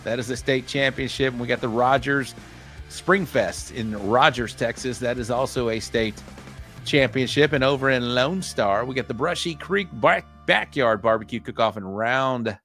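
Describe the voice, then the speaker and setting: A man's voice: mid-range voice, normal speed, a bit bright, soft background music. A man hosting a live online show, reading out a list of upcoming events in a rambling, self-correcting way. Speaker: podcast host.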